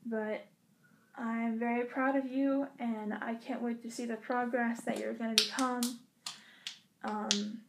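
Young woman vlogger with a somewhat high voice, talking to camera in a halting, earnest way from a hotel room. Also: flat delivery, noisy background. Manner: halting and earnest, with many pauses and restarts. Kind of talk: casual heartfelt address to camera.

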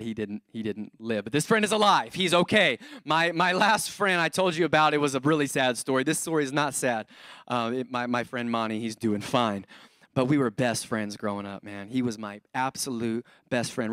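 A man in his thirties preaching a sermon as a pastor, telling stories in an animated, playful way and acting out voices. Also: medium pitch, brisk, clear, resonant tone, no echo, studio quality. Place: church auditorium.

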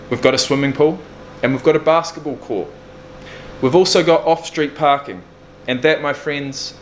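A man's voice: medium pitch, slight background noise. A man of thirty talking bluntly and candidly in a casual video diary, swearing freely. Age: 30s. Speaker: vlogger. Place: indoors in a furnished flat.

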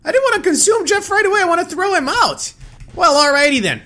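A young man giving excited, loud gameplay commentary as a gaming video host. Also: very high voice, quick pace. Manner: hyped, loud exclamations and laughter. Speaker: gaming YouTuber. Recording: background music under voice.

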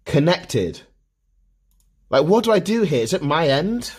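Streamer guy losing it over his internet, husky voice, pitch jumping all over, swears nonstop. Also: very animated, a little slow, a little mellow. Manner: exasperated, swears constantly, repeats himself. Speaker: livestreamer. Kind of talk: frustrated livestream rant.

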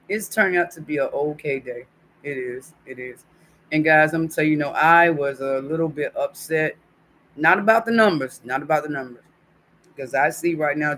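A man talks casually on a live stream, his voice sitting a little higher than most men's. He chats warmly with his viewers and reads their comments aloud. Faint noise hums behind him. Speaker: YouTube livestream host. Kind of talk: casual livestream chat.

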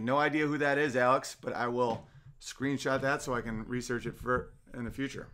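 A man's voice: medium pitch, brisk. Profane, heated man hosting a podcast. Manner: profane, heated, swings between loud outbursts and muttered asides. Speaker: podcast host. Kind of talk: casual podcast rant, reading chat comments.

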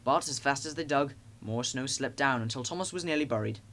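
A man narrating a children's storybook with a lively, expressive reading. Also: mid-range voice, fairly quick.

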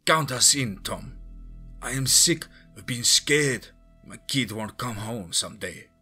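A man voicing a tired man with a thick Slavic accent who speaks slowly. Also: fairly low pitch, animated, bright, forceful tone, husky, soft background music, exaggerated voice. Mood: weary.

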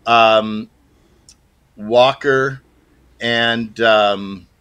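Bright-voiced man in his sixties reminiscing. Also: mid-range voice, steady tone, drawn-out words, clear, resonant tone, muffled recording. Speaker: guest, former child actor. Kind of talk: casual interview chat.

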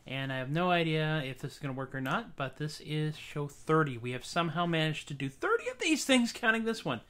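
A singer-songwriter talks casually to his livestream audience between songs, his chatter wry, self-deprecating and meandering. The voice is slightly high and fairly bright, brisk in pace, with big swings in pitch.

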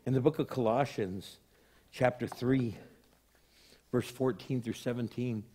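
A man's voice: medium pitch, steady tone, unhurried, dark tone, slightly rough. An older man, a pastor giving a sermon in a conversational, storytelling way.

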